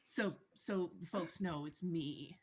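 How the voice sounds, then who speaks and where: A woman's voice: lowish voice, slow pace, background noise. A woman playing a boisterous, attention-seeking rock drummer in improvised comedy role-play, cheeky and teasing. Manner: cheeky, teasing, laughs often.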